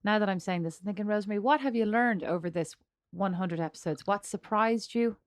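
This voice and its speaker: A woman's voice: mid-range voice, a little fast. A middle-aged Irish woman co-hosting a podcast in casual chat, telling stories with teasing humor and frequent laughter. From Ireland. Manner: teasing, storytelling, laughs often. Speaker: podcast co-host.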